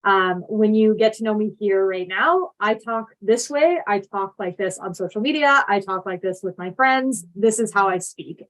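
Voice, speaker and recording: A woman's voice: medium pitch, rough recording. Young woman on a video call giving a friendly talk, lots of ums, upbeat and casual. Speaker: speaker presenting to an online summit. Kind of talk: casual presentation. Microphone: video call mic.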